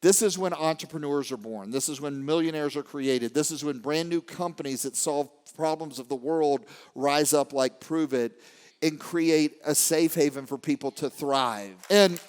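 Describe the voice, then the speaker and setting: Energetic man in a reverberant hall. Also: on the high side, moderate pace, clean tone. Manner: animated, swings from quiet to shouting. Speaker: motivational speaker. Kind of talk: motivational talk to a live audience.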